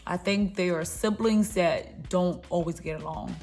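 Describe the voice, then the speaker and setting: A woman's voice: fairly low pitch, a little slow, darkish tone, soft background music. A young woman chatting through her makeup tutorial, playful and encouraging as she talks to her viewers. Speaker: beauty vlogger. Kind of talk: casual makeup tutorial chat.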